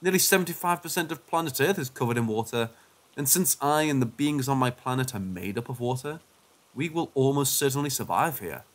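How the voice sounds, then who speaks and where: A man voicing a calm, menacing male alien ruler who speaks in a formal, measured way. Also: mid-range voice, lightly acted. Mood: solemn.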